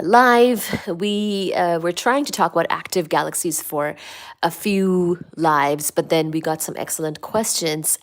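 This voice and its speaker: A woman chatting casually on a home live stream, greeting viewers and reading their comments aloud. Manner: reads viewer comments aloud, coos to her cats in a high baby voice. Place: home, upstairs room.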